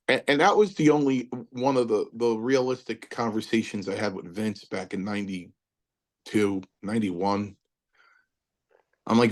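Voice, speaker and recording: A man in his fifties telling wrestling stories in a casual interview, acting out quotes with big jumps in his voice. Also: a little slow. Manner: animated storyteller, acts out quotes with big pitch jumps. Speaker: interview guest, former wrestler.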